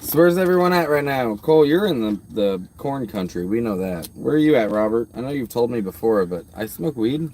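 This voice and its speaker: A man's voice: medium pitch, expressive, brisk, few pauses, a little mellow, a little hiss or hum. A man chatting loosely on a casual outdoor live stream, rambling and swearing freely. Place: outdoors by his truck at a park.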